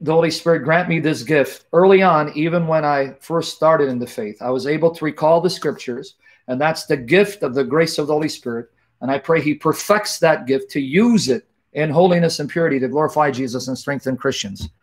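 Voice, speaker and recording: A man's voice: on the high side, brisk. A middle-aged man hosting a live online talk, joking casually with viewers and then praying fervently in long, repetitive invocations. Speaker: livestream host.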